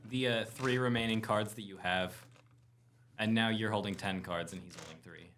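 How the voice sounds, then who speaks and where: A man narrating as game master, describing scenes in a lively, casual, laughing way. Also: fairly low pitch, normal speed, a little hiss or hum.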